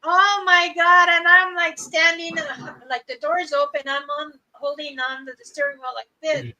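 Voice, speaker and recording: A woman's voice: high-pitched, flat delivery, moderate pace, sharp tone, rough recording. An older woman hosting a livestream, telling a funny family story casually and laughing often as she goes. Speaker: livestream host. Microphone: streaming mic.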